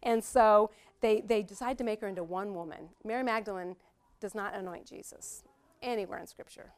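A middle-aged woman leads a Bible study in a conversational way. She is chatty and animated, laughing now and then as she walks through the passage. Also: medium pitch, brisk.

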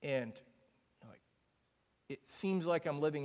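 A man's voice: a little high, moderate pace. A young man preaching a sermon to a congregation in a large room, speaking in a candid, conversational way with frequent casual fillers. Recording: long hall reverb.

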